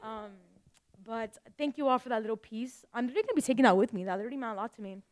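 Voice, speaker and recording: Young woman hosting a student panel, talks fast, dry sound, a bit teary and hesitant. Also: fairly high pitch, animated, no echo. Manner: emotional, apologetic, hesitant. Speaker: student moderator. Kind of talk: casual panel moderating.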